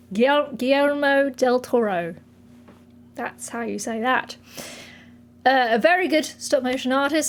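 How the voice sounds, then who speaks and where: A woman's voice: high-pitched, close to an everyday voice. A woman putting on a fake-British talk-show host. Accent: put-on British. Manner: mock-formal, giggly, halting. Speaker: streamer. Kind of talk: comedic bit on a livestream.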